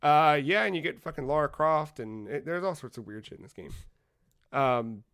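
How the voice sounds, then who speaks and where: Man, higher voice, podcast co-host, casual gaming chat, animated storytelling, swears. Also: normal speed, smooth.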